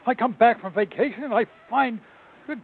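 A man voicing an angry old male religious caller, raspy and preachy, over a phone line. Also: moderate pace, exaggerated voice. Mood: outraged. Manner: shrill, preachy, condemning.

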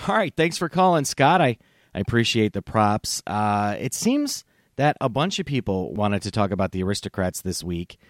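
A man hosting a comedy podcast, animated and laughing, with casual swearing. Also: on the low side, normal speed, no room sound, clean studio sound. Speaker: podcast host.

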